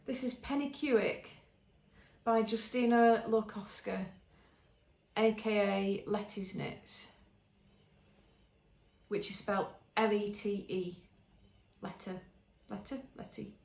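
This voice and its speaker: A woman's voice: mid-range voice, steady tone, takes it slowly, long pauses, a little mellow. An English woman hosting a podcast, chatting casually and enthusiastically with many ums and restarts. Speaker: podcast host showing knitting. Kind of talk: casual show-and-tell chat. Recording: roomy echo.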